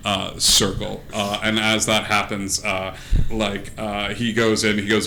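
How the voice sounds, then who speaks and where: A man running a tabletop game on stream, describing scenes off the cuff with a bright, sharp-edged voice. He rambles and fills gaps with "uh" and "like," and there's a faint hiss under the mic. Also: fairly low pitch, little pitch movement, measured pace. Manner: rambling, filler-heavy, laughs between lines. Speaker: game master. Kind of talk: improvised tabletop game narration.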